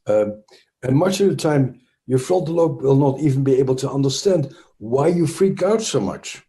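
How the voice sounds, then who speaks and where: A man's voice: mid-range voice, lively intonation, moderate pace, mellow. A man with a Dutch accent, a trauma expert speaking as an interview guest, explaining thoughtfully with frequent restarts and fillers.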